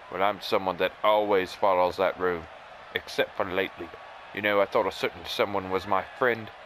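A man reading out a wrestler's challenge to a rival in a flat, mock impression. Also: on the low side, a little hiss or hum, lightly acted, rough recording. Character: challenging male wrestler calling out a foe.

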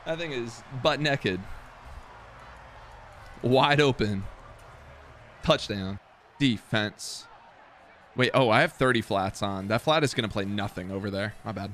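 Low-voiced man muttering over gameplay. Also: normal speed, long pauses, a bit bright, a little hiss or hum. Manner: muttering to himself, self-deprecating, swearing. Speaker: gamer streaming football video game. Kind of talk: casual gameplay commentary.

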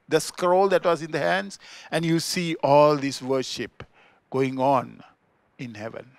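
A male pastor with a Sri Lankan accent delivers a sermon in a fairly high voice. He swells into loud, emphatic declarations and then drops to hushed, low remarks. The sound is close and dry, with almost no room echo. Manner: swings between loud emphatic peaks and quiet low asides. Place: church.

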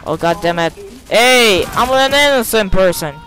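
High-pitched male gamer, cursing live commentary, frustrated with shouty outbursts. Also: animated, moderate pace, soft background music, rough recording. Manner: frustrated, swearing, bursts into shouts. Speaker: gaming video creator. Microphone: desk microphone.

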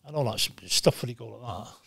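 An older man in his sixties, talking bluntly and with lots of swearing in a casual interview, telling animated stories. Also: mid-range voice, fast, gravelly, breathy edge, dry recording, clean studio sound. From Wales. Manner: blunt, profane, animated storytelling. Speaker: guest, former goalkeeper.

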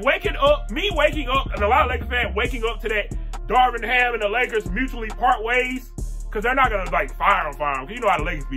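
A man's voice: extremely high pitch, bright, forceful tone. A man hosting a casual sports reaction video, ranting in exasperation and repeating the same phrases over and over.

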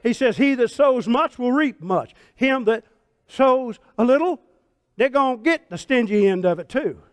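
Pastor guy in his 60s preaching hard, folksy, real high voice, goes quiet then shouts. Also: expressive, unhurried, no room sound. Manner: folksy, fervent preaching that swings from hushed to shouted. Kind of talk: sermon.

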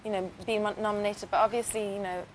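A woman's voice: mid-range voice, level tone, quick pace, slight background noise. A woman being interviewed as a guest, casual and hedging, with lots of "you know" and "like". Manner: casual, hedging, full of fillers. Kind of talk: interview answers.

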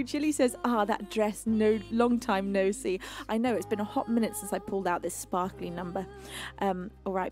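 A woman from the UK hosting a livestream, greeting her chat in a playful, affectionate, deliberately calm and soothing voice. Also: medium pitch. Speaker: streaming singer-songwriter host. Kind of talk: casual livestream chat reading chat messages. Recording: faint music playing behind.

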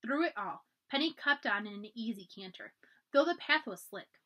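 A woman librarian reading a children's storybook aloud, expressive and often dropping to a hush for the dramatic parts. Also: fairly high pitch, moderate pace.

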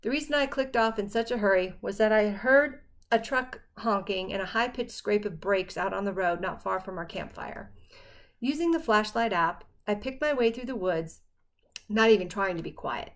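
A woman narrating a first-person novel as an audiobook, in a steady storytelling manner. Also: mid-range voice, normal speed.

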